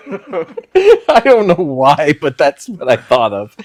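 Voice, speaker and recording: A man talks slowly on a casual podcast, his pitch swinging widely. He drops short quips and laughs often. The sound is close and dry. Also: huge pitch swings, no room sound.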